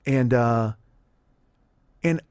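A man's voice: mid-range voice, very slow, a little mellow, clear, resonant tone, no room sound, studio quality. A man in his forties hosting a podcast, telling rambling, profane comic stories with lots of restarts. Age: 40s. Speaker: podcast host. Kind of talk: casual comedic storytelling.

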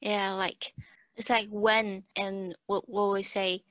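A woman co-host talks in an unhurried, measured way, steering the chat with questions. Her speech is slow, and the sound is dull, lo-fi, and dry. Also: mid-range voice, flat delivery, fairly bright tone, no room sound. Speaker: podcast co-host. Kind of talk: casual chat.

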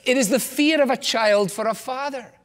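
A man's voice: extremely high pitch, normal speed, a bit bright, big-room sound. A man preaching a sermon, earnestly asking his congregation rhetorical questions. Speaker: pastor. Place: church.

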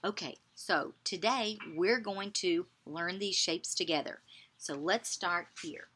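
A woman teaching young children, slowly saying words for them to repeat and praising them with encouragement. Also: fairly low pitch, pushed and bright, breathy edge. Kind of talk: children's lesson, call and response.

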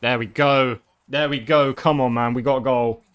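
Excitable man commentating gameplay. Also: mid-range voice, normal speed, clear, resonant tone. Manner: excitable, swears often, shouts at big moments. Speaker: gaming video creator.

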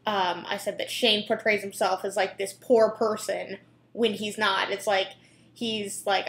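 A woman's voice: mid-range voice, flat delivery, unhurried, gravelly. Young woman rambling and giggling, reacting to clips, roomy echo. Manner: chatty, giggly, lots of fillers and restarts. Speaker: reaction video host. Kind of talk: casual reaction commentary.

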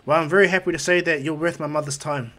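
A man's voice: a little high, fairly even intonation, quick pace, fairly bright tone, natural voice. A man voicing a cocky, overpowered teenage boy hero in a casually told fan story. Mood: confident. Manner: casual, offhand.

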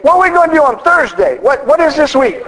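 A man preaching a sermon in a folksy, joking way. His voice is high for a man and swings widely in pitch as he tells a story. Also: very animated, fast, a bit bright, poor audio. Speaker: minister.

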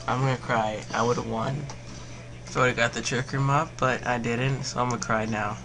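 A young man giving rambling live commentary on his own game, full of fillers, sliding between glum mutters and excited yells. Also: mid-range voice, noisy background. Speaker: gaming commentator.

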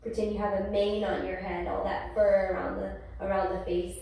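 A mother leading a toddler yoga class, talking gently in a sing-song way to a small child. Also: mid-range voice, flat delivery, moderate pace, creaky, a little hiss or hum. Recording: echoey room, far from the mic.

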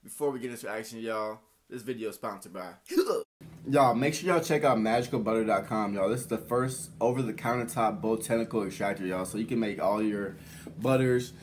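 A man with a mild Texan drawl talks through a reaction video in an energetic, casual way. He keeps throwing in "y'all" and cheering the track on, at an ordinary middle pitch. A faint hiss sits under the recording. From Texas. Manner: energetic, says "y'all" constantly, chuckles often, hypes up the track. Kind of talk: hyped casual reaction commentary.

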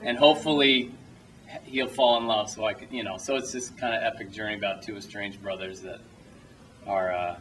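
Bright-voiced man rambling at a film Q&A. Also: lowish voice, fairly even intonation, brisk, far from the mic, slight background noise, rough recording. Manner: rambling, self-interrupting, laughs often. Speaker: filmmaker at a screening Q&A. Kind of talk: casual anecdotal Q&A answers. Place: cinema auditorium, small audience.

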